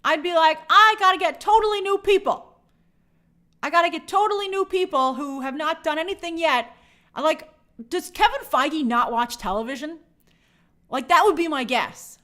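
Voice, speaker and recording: A woman's voice: very high voice, normal speed. A woman hosting an entertainment news show, talking in a casual, sarcastic and exasperated way. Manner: animated, sarcastic, exasperated asides. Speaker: show host. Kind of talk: casual opinionated commentary.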